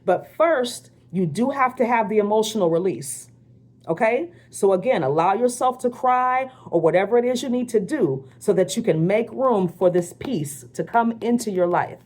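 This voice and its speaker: Woman spiritual reader, mid-pitched, blunt and foul-mouthed, relaxed card-reading chat that keeps asking the listener for agreement. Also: moderate pace. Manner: blunt and profane, with frequent check-ins to the listener. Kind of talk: casual channeled card reading.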